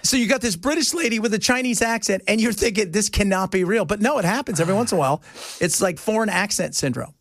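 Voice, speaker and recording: A man's voice: high-pitched, fast talker, dry recording, studio quality. A man hosting a talk radio show, bantering casually and breaking into silly voices as he tells stories. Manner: animated storyteller, slips into silly voices and laughs.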